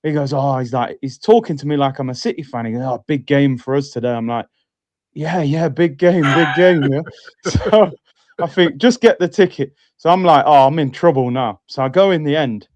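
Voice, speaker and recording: Higher-voiced man, dry sound. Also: darkish tone, no room sound. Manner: laughing, self-mocking storyteller. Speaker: podcast co-host. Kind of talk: casual storytelling chat.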